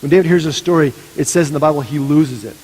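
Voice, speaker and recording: Pastor, male, husky tenor-ish voice; dramatic sermon storytelling with hushed emphasis; long hall reverb. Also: a little high, quick pace.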